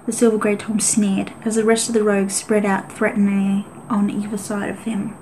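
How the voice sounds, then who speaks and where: A woman reading a children's animal adventure novel aloud as an audiobook, in a steady, even voice. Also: medium pitch, a little fast, a little hiss or hum, rough recording. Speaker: audiobook reader. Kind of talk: audiobook narration.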